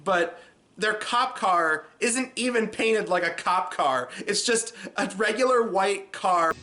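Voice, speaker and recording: A man reviewing a low-budget movie in a casual, sarcastic, rambling way. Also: lively intonation, slow, bright, forceful tone.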